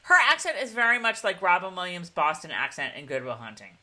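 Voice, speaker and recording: Lively bright-voiced woman co-host. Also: lowish voice, quick pace. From Pennsylvania, USA. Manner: rambling, chatty, laughs often. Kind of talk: casual chat.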